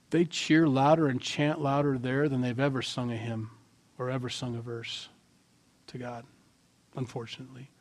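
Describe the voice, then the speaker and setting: A male pastor preaching a sermon in an animated way, swinging between loud lines and quiet asides. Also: medium pitch, moderate pace.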